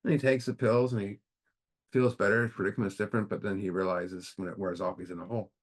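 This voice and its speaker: A man leading a recovery book study, telling a story in a casual, conversational way with halting restarts. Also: lowish voice, level tone.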